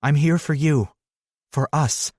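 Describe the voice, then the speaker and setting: A man's voice: fairly high pitch, takes it slowly, darkish tone, no room sound, clean studio sound, pitched above the performer's own voice. A man voicing a determined young woman, a schoolteacher who speaks firmly and demandingly. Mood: pleading. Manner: firm, demanding.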